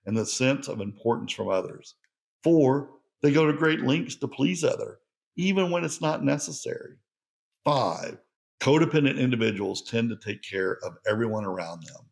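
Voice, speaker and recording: A man's voice: mid-range voice, vocal fry. A man hosting a solo podcast, speaking in an earnest, conversational and reflective way. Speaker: podcast host.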